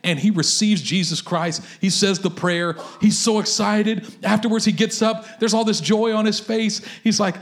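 A man preaches with a high, bright-toned voice. He tells stories in an animated way and leans into his points. His delivery is lively and conversational. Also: normal speed, few pauses. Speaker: pastor. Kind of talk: sermon.

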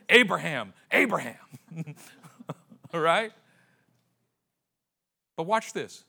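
A high-pitched male pastor whose voice leaps all over as he tells the story. He acts out the characters in slangy voices, drops to a hush, then rises again. The tone is bright and ringing. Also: sing-song, a little slow, creaky, long pauses. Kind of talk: sermon.

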